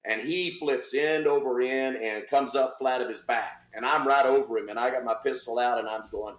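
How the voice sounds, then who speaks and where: A man's voice: medium pitch, normal speed, few pauses. An older man, a retired police officer, telling a story in an interview, acting out the voices of the people in it. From Texas. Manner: animated storyteller, acts out voices. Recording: roomy, slightly dull sound.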